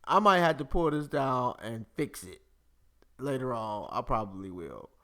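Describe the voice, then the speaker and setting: A man's voice: medium pitch, moderate pace. A man hosting a live-streamed podcast, chatting casually with lots of swearing and laughter. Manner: profane, animated, laughs often. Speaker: podcast host.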